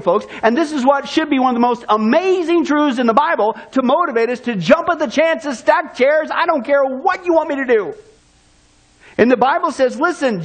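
Male preacher with a very high voice, preaches with rhetorical questions, tells stories. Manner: rhetorical questions, then answering them himself; storytelling, draws the listener into a scenario. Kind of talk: sermon.

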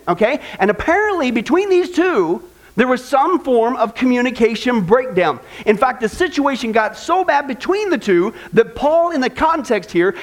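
A man with a strikingly high speaking voice preaching to his congregation. He talks earnestly and conversationally, pleading on serious points, then easing into light humor. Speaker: pastor. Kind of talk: sermon.

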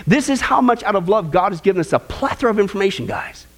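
Give me a man preaching a sermon with lots of energy, high-pitched and full of swings in pitch. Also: fast. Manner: animated, acts out quoted voices.

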